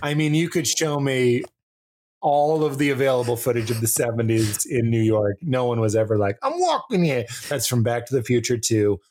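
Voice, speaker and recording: An American man co-hosting a casual comedic chat, riffing fast and slipping into impressions. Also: medium pitch, slight background noise. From United States. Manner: animated, riffing, quick to slip into impressions. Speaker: podcast co-host.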